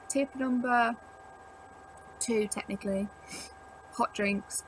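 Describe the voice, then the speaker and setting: Talking casually to camera indoors at home, a young woman vlogger gives tips in a chatty, rambling way full of "like". Her voice is a little high and steady, a little slow with frequent pauses, and the poor audio has some hiss or hum.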